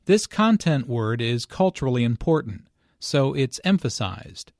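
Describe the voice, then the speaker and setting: A man narrating an English lesson in a slow, deliberate, explanatory reading. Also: medium pitch, very animated, darkish tone, dry recording, studio quality. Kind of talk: scripted language lesson narration.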